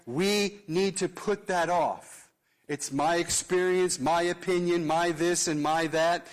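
Middle-aged male pastor, earnest measured sermon delivery, voice a touch high. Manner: earnest, measured preaching with slow emphatic pauses.

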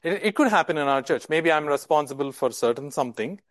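A man's voice: fairly high pitch, expressive, fast talker, no echo. A male preacher giving a sermon in an emphatic way, often repeating words and asking rhetorical questions.

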